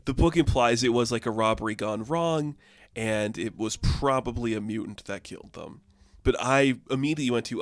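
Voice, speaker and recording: A man's voice: mid-range voice, brisk, no room sound, studio quality. A young man casually reviewing a comic book, rambling and peppering his talk with filler words.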